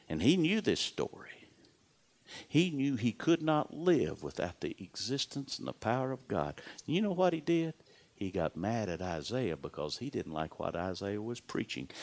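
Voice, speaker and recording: A male pastor preaching a sermon with dramatic storytelling, repeating words for emphasis and dropping to a hushed whisper at key moments. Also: fairly low pitch.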